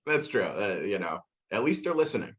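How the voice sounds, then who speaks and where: A man with a lowish voice tells stories as a podcast guest. He talks animatedly, swears freely, and acts out quoted lines with sudden leaps in pitch. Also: big pitch swings, fairly quick, dull audio. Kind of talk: casual podcast chat.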